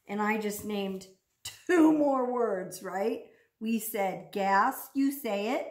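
A woman's voice: medium pitch, takes it slowly, a little mellow. A woman speech therapist leading a practice lesson for children at home, playful and exaggerated in a sing-song teacher voice. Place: home room. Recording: echoey room.

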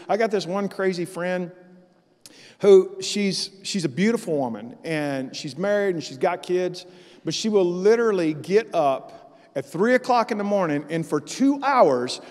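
A man preaching a sermon as pastor, telling an animated story in a church. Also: high-pitched, long reverb tail. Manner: storytelling, animated and loud in acted-out parts. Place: church sanctuary.

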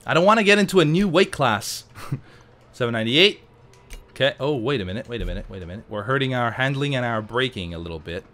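A man casually commenting while playing a racing game, chatty and jokey with sudden excited outbursts. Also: mid-range voice, quick pace. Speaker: let's play host.

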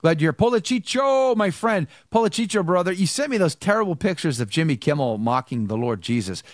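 A man's voice: fairly high pitch, expressive, fairly quick, dry recording, clean studio sound. A man hosting a live show, greeting viewers by name and chatting with a priest guest. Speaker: host. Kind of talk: livestream greetings and chat.

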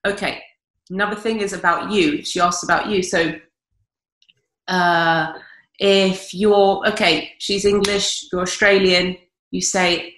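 Blunt forties woman dating coach, bright forceful tone, slightly low pitch, echoey room. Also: steady tone, slow pace. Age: 40s. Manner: blunt, emphatic, swears freely. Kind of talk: podcast guest giving advice.

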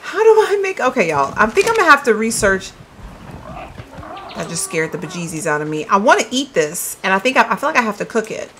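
A woman's voice: medium pitch, sing-song, fairly quick, a bit bright, slight background noise, low-quality recording. A woman giving casual let's-play commentary, chatty and puzzled, thinking aloud to her viewers. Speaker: gaming video creator.

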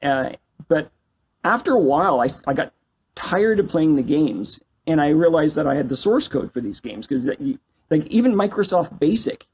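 A man in his fifties from Canada, a company CEO telling stories as a guest in a casual interview, animated and self-deprecating. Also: a little high, moderate pace, a little hiss or hum, low-quality recording. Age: 50s.

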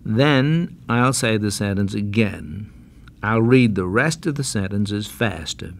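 A man giving slow, carefully enunciated pronunciation lessons, patiently repeating words for drill, on a 1970s language-course record. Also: fairly low pitch, lively intonation, vocal fry. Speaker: pronunciation teacher. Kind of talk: slow, deliberate instructional narration.

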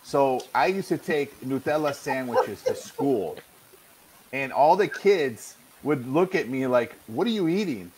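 Animated man telling a story. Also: medium pitch, slow pace, slight background noise, low-quality recording. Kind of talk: casual chat.

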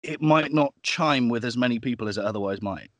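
A man's voice: medium pitch, fairly quick, fairly bright tone, dry recording. A man who works as a voice actor and audiobook producer, talking in a casual podcast interview, thoughtful and often restarting his sentences. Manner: thoughtful, with frequent restarts and fillers.

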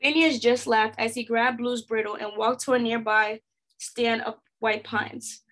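A woman reading a storybook aloud expressively as a teacher, pausing to pose questions to her listeners. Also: on the high side, steady tone, a bit bright.

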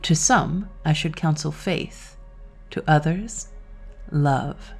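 A woman reading an audiobook, voicing an earnest, lovestruck young male doctor in a measured way. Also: deep voice, gravelly, faint music behind, heavily acted.

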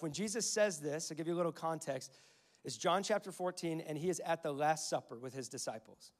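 A young pastor in his twenties or thirties preaches a sermon, telling stories conversationally and quoting scripture. His voice is fairly high-pitched and brisk.

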